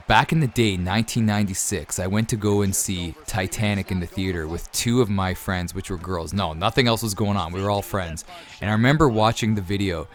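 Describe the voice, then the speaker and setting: Man, thirties, low voice, chatty gaming YouTuber, casual viewer Q&A, rambling. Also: normal speed. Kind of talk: casual Q&A over gameplay.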